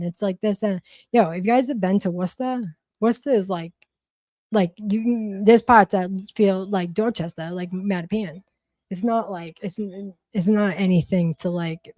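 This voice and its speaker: A woman's voice: mid-range voice, dark tone, dry recording. A woman from Massachusetts with a Boston accent, chatting bluntly and profanely on a livestream, rambling with lots of restarts. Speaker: livestream host. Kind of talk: casual livestream chat.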